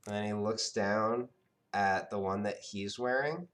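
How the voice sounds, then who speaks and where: Brief: male game master, slow, halting narration full of ums. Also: lowish voice, fairly bright tone. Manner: hesitant, many "um" and "sort of".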